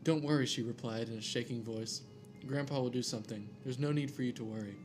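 Guy reading a creepy story out loud, joking around, some quiet music in the background. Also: mid-range voice, steady tone, a little fast. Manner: reads aloud with jokey asides and stumbles over names. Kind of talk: casual reading of a scary story.

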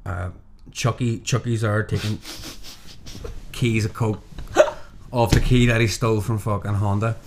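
A man's voice: on the low side, steady tone, measured pace, pauses often, background noise. Rambling, sweary Northern Irish man. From Northern Ireland. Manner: rambling, sweary, acts out quotes. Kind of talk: casual podcast chat.

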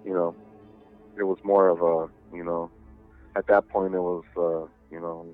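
Rambling low-voiced man, tinny line. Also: level tone, moderate pace. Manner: rambling, many "you know"s, heavy swearing. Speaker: podcast guest. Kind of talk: casual storytelling chat. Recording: tinny phone-like line with faint music.

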